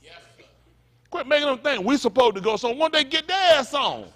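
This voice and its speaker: Pastor guy preaching hard, high voice, blunt and cussing, lots of call and response. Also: expressive, brisk, a bit bright. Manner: impassioned, blunt and profane, with call-and-response asides. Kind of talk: fiery sermon.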